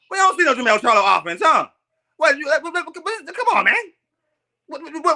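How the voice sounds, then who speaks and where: Streamer, male, trash-talking boxing commentary; bright, lively delivery, mocking and profane. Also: very high-pitched, a little fast, pauses often. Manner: mocking, profane, laughing, repeats himself.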